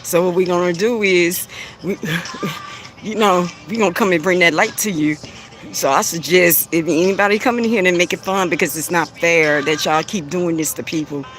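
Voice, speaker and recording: A man's voice: high-pitched, normal speed, a bit bright, a little hiss or hum. A man hosting a live stream with speech, bluntly taunting commenters, laughing often and repeating himself. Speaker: live stream host giving spiritual readings. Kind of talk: casual live-stream talk addressing commenters.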